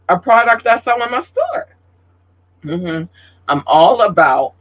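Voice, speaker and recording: A man's voice: on the high side, a bit bright, breathy edge, low-quality recording. A man hosting a casual livestream, talking in an emotional, outspoken and profane way. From Georgia, USA. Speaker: livestream host.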